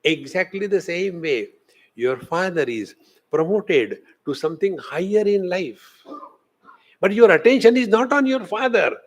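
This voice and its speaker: A man's voice: high voice, a little slow. A man with an Indian English accent giving a spiritual discourse as a swami, telling stories and acting out the voices of the people in them. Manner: animated storytelling, acting out quoted voices. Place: lecture hall.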